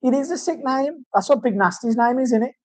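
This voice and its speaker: A man's voice: very high-pitched, animated, fairly quick, darkish tone, no echo. A man in casual chat, rambling and swearing through banter in a tattoo studio. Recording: dull, dry lo-fi sound.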